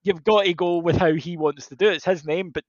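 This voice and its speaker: A man co-hosting a casual chat, swearing freely and telling animated stories with many restarts. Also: sits high, quick pace, dry recording, muffled recording. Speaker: podcast co-host.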